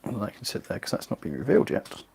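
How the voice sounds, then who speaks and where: A man's voice: fast, darkish tone, slight background noise. Chatty English man hosting a live stream. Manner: chatty, reads viewer comments aloud, self-deprecating. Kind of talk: casual live-stream chat while model building.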